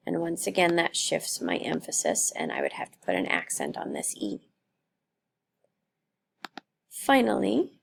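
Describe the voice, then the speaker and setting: Slow, gravelly-voiced woman teaching grammar. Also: fairly low pitch, huge pitch swings. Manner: slow, careful explaining with examples. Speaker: Spanish teacher. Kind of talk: classroom grammar lesson.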